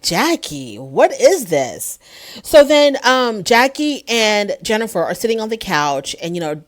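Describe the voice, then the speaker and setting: A woman giving a casual, opinionated recap of a reality show episode, chatting freely and acting out what the cast members said. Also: medium pitch.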